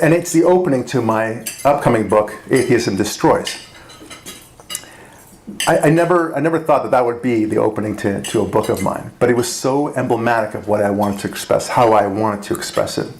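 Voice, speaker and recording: A radio talk show host giving a speech to a dinner audience, punchy and rhetorical, with frequent asides asking "right?" and small laughs. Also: male voice, mid-range voice, a little hiss or hum. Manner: conversational, with restarts and small laughs.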